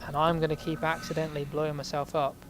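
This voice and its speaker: A man's voice: a little high, flat delivery, fast talker, over music. A man giving casual, rambling gameplay commentary, swearing and joking at himself. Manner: rambling, swearing, self-mocking. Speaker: let's play host.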